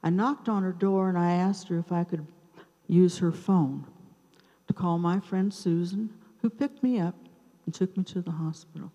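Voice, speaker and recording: An older woman in her seventies tells a true story from a theater stage, her voice low-pitched and mellow. She speaks very slowly and lets dramatic pauses hang between short phrases. The live room gives her a long, reverberant tail. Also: highs cut off. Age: 70s. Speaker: open mic storyteller.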